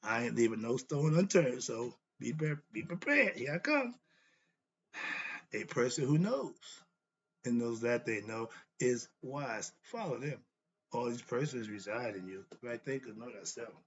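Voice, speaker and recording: A man's voice: mid-range voice, unhurried, lo-fi sound, a little hiss or hum. A man lecturing on self-knowledge in a blunt, preachy monologue, asking himself questions and answering them. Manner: preachy, repetitive, rhetorical questions; annoyed, blunt. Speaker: host. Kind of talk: philosophy monologue.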